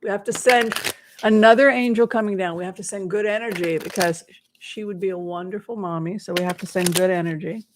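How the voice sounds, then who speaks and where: Woman, tarot reader, chatty, bubbly, playful, mid pitch, live-stream readings. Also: fairly even intonation, brisk, noisy background.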